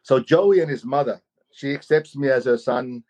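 A man telling a personal story in an animated way, often saying "you know". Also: medium pitch, moderate pace. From Australia. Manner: animated, acts out quoted voices, many "you know"s.

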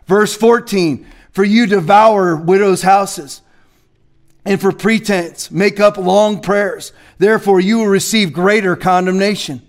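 A man preaching as a pastor in a studio, confrontational and fiery, swinging from quiet asides to shouted scripture. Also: sits high. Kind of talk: preaching sermon.

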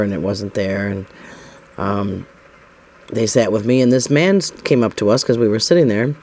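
With a lowish, slightly mellow voice, a middle-aged man from the United States tells a rambling, casual personal story. He voices the conversation, repeatedly saying "I said" and "he says."

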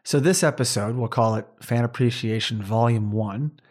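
A man's voice: mid-range voice, moderate pace. Earnest, rambling male podcast co-host. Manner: earnest, rambling, warm appreciation of fans. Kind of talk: casual podcast chat.

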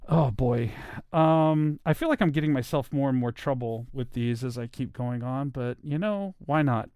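A man's voice: medium pitch, normal speed, a little mellow, smooth, no echo, studio quality. An American man, a voice actor, chatting in a rambling, self-deprecating way. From United States. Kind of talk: casual chat.

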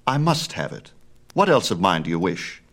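A man's voice: deep voice, sing-song, moderate pace, fairly bright tone, heavily acted. A male reader voicing a proud, imperious sun god in a storybook myth, speaking with lofty disdain. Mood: haughty. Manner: haughty, imperious. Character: haughty, grand sun god, young man.

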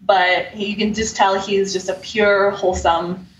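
A woman in casual podcast chat, explaining carefully with frequent ums and pauses. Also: medium pitch, little pitch movement, a little hiss or hum. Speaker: podcast guest explaining Japanese. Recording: echoey, distant, dull mic.

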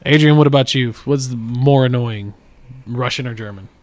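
A man's voice: medium pitch, normal speed. A man co-hosting a casual podcast chat, joking and steering the questions. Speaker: podcast co-host.

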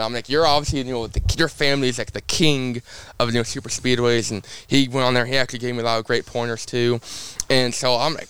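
Smooth-voiced young man. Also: medium pitch, a little fast. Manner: rambling, animated anecdotes with many fillers. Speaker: race car driver guest. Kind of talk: casual storytelling on a podcast.

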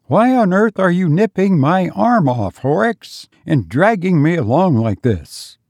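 Reader doing a jittery gent: pitched up, forced laugh, hidden snarl. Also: male voice, big pitch swings, a little slow, darkish tone, no echo. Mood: protesting. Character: nervous, uneasy man dragged along.

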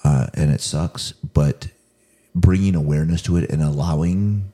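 A man's voice: very deep voice, moderate pace, warm tone. A man co-hosting a podcast, talking in an impassioned way with his voice rising when upset. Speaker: podcast co-host. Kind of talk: casual chat.

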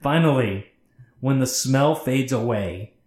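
Podcast co-host, male, mid-pitched, reads horror tales loosely and profanely in a roomy space. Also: animated, slow, darkish tone. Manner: profane, chatty, breaks off to comment. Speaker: podcast co-host reading a scary story. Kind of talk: casual story reading. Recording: roomy echo.

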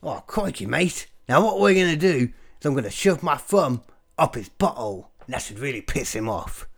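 A man putting on a loud excited outback wildlife presenter. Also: mid-range voice, normal speed. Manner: loud, excited, jokey mock accent.

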